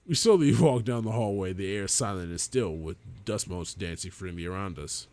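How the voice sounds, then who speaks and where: Young guy reading a game out loud, deep-ish voice, swears n jokes around. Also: moderate pace, hardly any pauses. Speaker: gaming video host. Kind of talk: reading a visual novel aloud.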